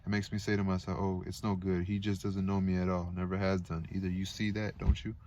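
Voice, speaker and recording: A man's voice: low-pitched, little pitch movement, brisk, mellow, highs cut off, slight background noise, lightly acted. A man reading the part of an emotional, wounded young woman who speaks plaintively.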